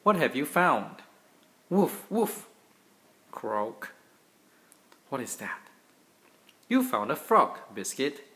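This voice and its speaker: Animated dad reading a storybook. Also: male voice, mid-range voice, a little slow, a little hiss or hum. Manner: animated, gentle, playful. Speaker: father reading to his children.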